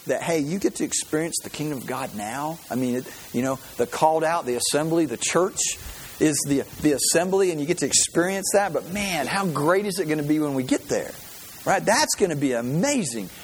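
Male preacher, sermon, fairly high voice, earnest, restarts words, light background hiss. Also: animated, a little fast, poor audio. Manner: earnest, repeats words while building a point. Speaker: pastor.

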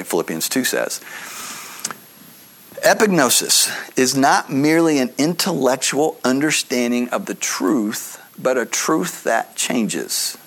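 A man's voice: mid-range voice, a bit bright. A man preaching a sermon, explaining scripture in an earnest teaching manner with conversational asides. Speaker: pastor.

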